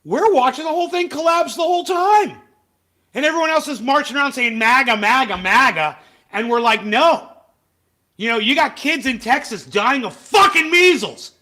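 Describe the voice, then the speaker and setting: A man with a high, bright, cutting voice rants through a livestream, swearing and hurling insults at the clips he reacts to. His talk lurches between muttered asides and sudden yells. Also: animated, moderate pace. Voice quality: profane, angry, shouting insults. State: has facial palsy flare-up. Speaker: livestream host. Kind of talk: ranting live commentary.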